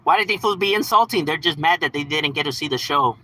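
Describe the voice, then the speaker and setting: A man's voice: a little high, fast, sharp tone, low-quality recording. A man on a casual livestream, talking to his chat in slang and profanity, often saying "bro" and "homie" and laughing as he talks. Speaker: live streamer.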